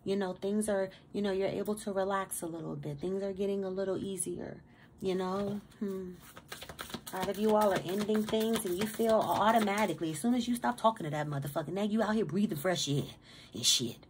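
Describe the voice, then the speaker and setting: A woman's voice: mid-range voice, brisk, a little hiss or hum. A woman giving a casual tarot reading to her viewers, emphatic and streetwise, swearing freely and stammering on repeated words in a motivational pep talk. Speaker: tarot reader.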